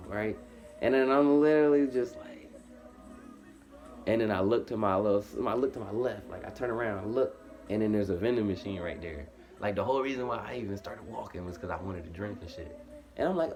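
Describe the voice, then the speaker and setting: A young man telling a true story in casual, slangy talk full of repeated fillers, acting out his own past lines in a much higher, louder, slower voice. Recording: faint background noise.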